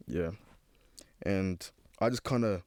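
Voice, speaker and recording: A young man, telling a personal story hesitantly in casual chat, full of fillers and pauses. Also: sits low, darkish tone, no echo, clean studio sound. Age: teens. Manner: hesitant, filler-heavy, searching for words. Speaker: young guest.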